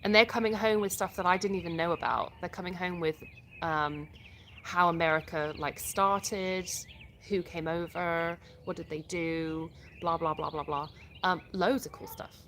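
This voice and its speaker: A woman's voice: on the low side, fairly even intonation, moderate pace, fairly bright tone, a little hiss or hum. A woman with an English accent hosting a casual live stream, reading out viewer comments and answering them in a chatty way, often restarting her sentences. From England. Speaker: livestream host.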